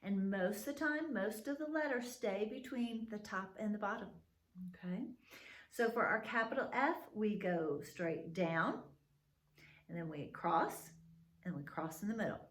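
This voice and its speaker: A woman teaching preschoolers a video lesson on letters, talking in a slow, sing-song and encouraging way with drawn-out letter sounds. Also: medium pitch. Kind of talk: video lesson for young children. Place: classroom or home room with whiteboard. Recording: echoey room, voice from far off.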